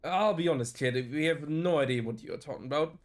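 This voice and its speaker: A man voicing a calm, diplomatic traveler, reading his soothing, persuasive lines aloud. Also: on the high side, a little fast, lightly acted.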